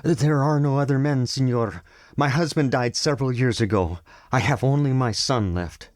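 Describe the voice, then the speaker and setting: Male narrator voicing a fretful mother, high-pitched, urgent, dry close audio. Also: normal speed, darkish tone, dry recording, lightly acted. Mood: pleading. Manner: pleading, urgent. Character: frightened village mother, protective woman.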